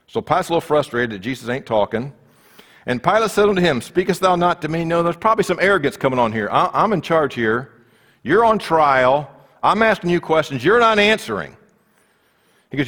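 A man's voice: a little high, a bit bright, big-room sound. A man preaching a conversational sermon, acting out the voices of the people in the story.

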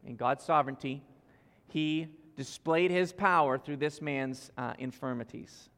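A man preaching a sermon as pastor, earnest and speaking straight to his congregation, swinging between loud emphasis and soft asides. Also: fairly high pitch, unhurried. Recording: long hall reverb.

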